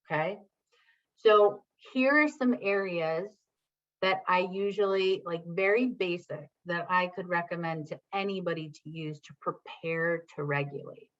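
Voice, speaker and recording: Her voice is lowish and unhurried, with the high frequencies cut off in the recording. She's giving a live online talk on parenting, engaging the audience, reading what they post in the chat, and checking in with "right?" again and again.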